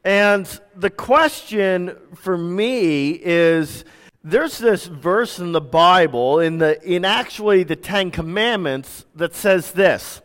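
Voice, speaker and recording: A man in his thirties, a pastor preaching a sermon with relaxed, self-deprecating stories. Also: sits high, takes it slowly. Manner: conversational, self-deprecating storytelling. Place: church sanctuary. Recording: reverberant church hall.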